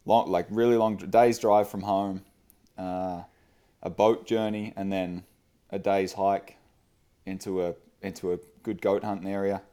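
A man's voice: low-pitched, little pitch movement, a little slow, dark tone, clean tone. A man, a guest on the show, telling a casual story with fillers and frequent laughs. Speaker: podcast guest.

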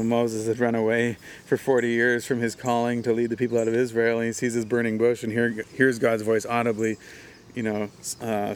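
A man's voice: on the low side, slight background noise. Chatty male pastor telling stories. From Hawaii. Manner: chatty, with frequent laughs and "you know" fillers. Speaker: pastor and speaker. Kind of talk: casual interview storytelling.

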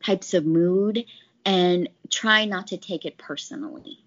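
A woman's voice: on the low side, a little slow. Chatty woman telling work stories. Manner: chatty, animated retelling with quoted voices. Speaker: pharmaceutical sales rep. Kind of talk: conversational interview storytelling. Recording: slightly dull lo-fi audio.

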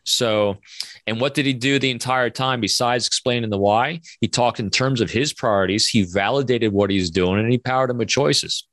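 A man in his fifties, a podcast guest, telling animated stories and acting out quoted dialogue. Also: medium pitch, normal speed, no echo. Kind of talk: conversational storytelling interview.

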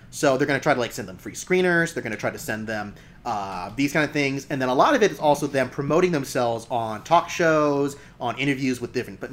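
A man hosts a casual film podcast, his pitch swinging up and down in a lively way. He talks in a loose, chatty manner and laughs easily between points. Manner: chatty, laughs often, restarts. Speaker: podcast host.

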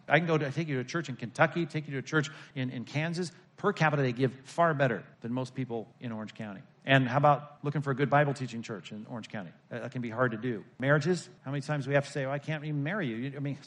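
Male pastor-teacher, mid pitch, brisk classroom lecturer with wry humor. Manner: lively, rhetorical questions, wry asides to the class.

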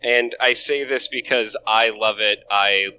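A man co-hosting a podcast in casual chat, gushing and excitable, swearing casually. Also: mid-range voice, unhurried, clean tone, low-quality recording. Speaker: podcast co-host.

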